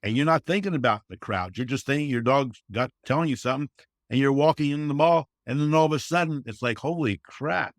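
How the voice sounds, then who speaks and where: A man's voice: mid-range voice, fast talker, no echo, studio quality. A man speaking as a podcast guest in casual conversation, earnest and folksy, often saying "you know" and acting out quotes. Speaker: guest, service dog trainer.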